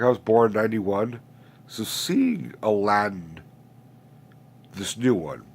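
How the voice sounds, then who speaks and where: A man in his late twenties who sounds stuffed up from a sinus infection, hosting a casual, profane, rambling rant with many restarts. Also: on the low side. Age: late 20s. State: congested, stuffed-up nose. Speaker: host.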